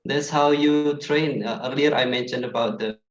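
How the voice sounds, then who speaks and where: A man's voice: medium pitch, fairly even intonation, normal speed, faint music behind. A man giving pronunciation tips in a chatty way, full of fillers, on a video call. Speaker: pronunciation presenter. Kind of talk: teaching tips on an online class call. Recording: echoey room, dull online call audio.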